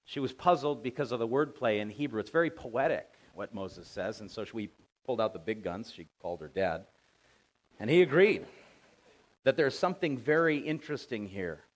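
A middle-aged man preaching a sermon, dramatically acting out quoted voices and building to loud commands. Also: medium pitch, normal speed. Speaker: pastor.

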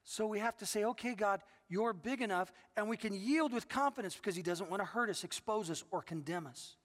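A man's voice: high-pitched, fairly quick. A middle-aged man preaching a sermon as pastor, telling stories earnestly and often restarting his sentences. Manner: earnest storytelling with repeated restarts. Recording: long reverb of a large hall.

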